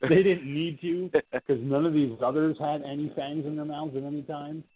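Husky man ranting about a movie. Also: on the high side, normal speed. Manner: animated, swearing, mocking characters in silly voices. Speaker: podcast co-host. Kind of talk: casual film discussion. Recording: tinny phone-like audio.

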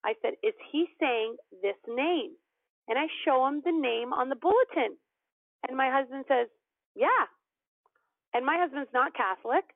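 A woman guest telling a personal story in an animated way, acting out the voices of the people in it. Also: high voice, moderate pace, no echo. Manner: animated storyteller, acts out quoted dialogue. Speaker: podcast guest. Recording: tinny phone-line audio, dry.

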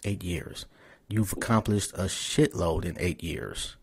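A man's voice: low voice, takes it slowly, a little mellow, slightly rough. Casual cursing guy hosting a streamed podcast, loose and chatty. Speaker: podcast host. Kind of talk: casual interview chat.

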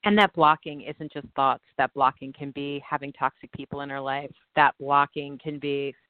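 A woman co-hosting a casual chat, telling stories in an earnest, animated way and often restarting her sentences. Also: very deep voice, moderate pace, no room sound. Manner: earnest, animated storytelling with many self-restarts. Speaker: podcast co-host. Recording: tinny phone-like, dry sound.

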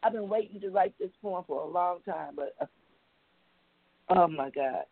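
A woman's voice: fairly low pitch, normal speed, vocal fry, husky, no echo. A woman calling in to an open-mic poetry radio show, chatty and laughing a lot as she talks. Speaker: caller reading a poem. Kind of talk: casual phone chat. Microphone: phone call. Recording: tinny phone line.

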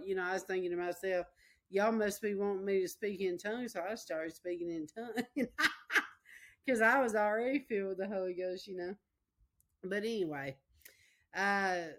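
A woman preacher, telling a personal story in a folksy, emotional way during a sermon. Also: fairly low pitch.

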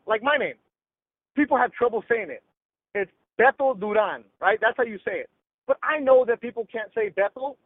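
A middle-aged sports broadcaster from Los Angeles, talking bluntly and emphatically with slang in a casual podcast interview over a tinny, dry line. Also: male voice, extremely high pitch, husky, no room sound.

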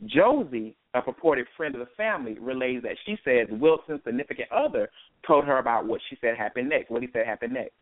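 A man's voice: mid-range voice, expressive, brisk, no room sound. A man hosting an online call reads a report aloud, his mid-range voice broken by fillers and false starts. The sound is thin and phone-like, with no room around it. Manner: hesitant, with frequent fillers and restarts. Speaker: host. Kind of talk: reading a news account aloud and commenting. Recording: dry phone-line call audio.

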